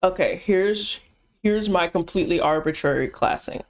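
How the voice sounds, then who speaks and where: A woman's voice: lowish voice, normal speed, slight background noise. A woman chatting casually on a live stream, teasing her co-host bluntly and laughing often.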